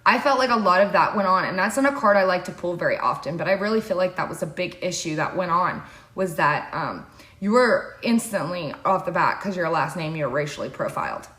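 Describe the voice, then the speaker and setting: A woman's voice: lowish voice, lively intonation, brisk, fairly bright tone. A woman hosting a casual podcast chat, telling stories in a rambling way full of fillers. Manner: rambling, filler-heavy storytelling. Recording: roomy echo.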